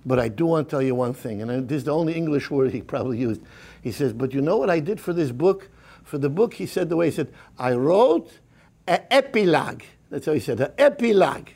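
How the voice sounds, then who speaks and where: A middle-aged man, a rabbi telling a story in a sermon, shifting from hushed whispers to rising fervor and mixing in Yiddish and Hebrew phrases. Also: medium pitch, lively intonation, quick pace, gravelly, slightly rough. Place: synagogue.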